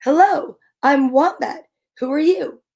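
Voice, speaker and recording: A woman voicing a small, cheerful and curious young male wombat in a storybook, with a bright, eager voice. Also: high-pitched, slow, creaky, full character voice. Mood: friendly.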